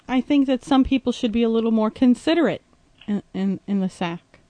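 A woman's voice: fairly high pitch, brisk, warm tone, dry recording. A woman hosting a frank, casual chat, talking bluntly and teasing. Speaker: host.

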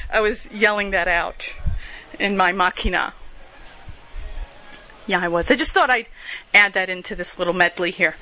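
A woman vlogger delivers a loose, rambling monologue about her day, losing her thread and circling back as she tells stories. Her bright, slightly high voice moves at a moderate pace, and she laughs at herself and swears freely. The recording is rough.

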